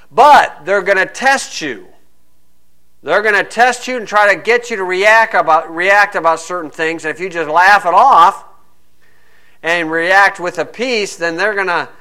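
A man's voice: sits high, sharp tone. A man preaching a sermon, full of rhetorical questions, acting out hecklers and reading scripture aloud.

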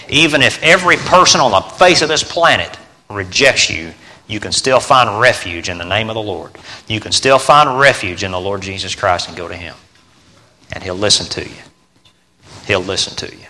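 A man preaching a sermon, swinging between loud exclamations and quiet asides and repeating phrases for emphasis. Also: fairly low pitch. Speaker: pastor. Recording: church hall with long reverb.

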